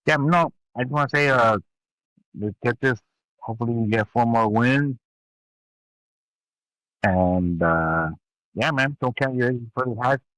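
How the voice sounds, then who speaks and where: A man's voice: medium pitch, measured pace, long pauses, fairly bright tone, no room sound, rough recording. A man in a casual podcast chat, easygoing, laughing often and saying "bro.".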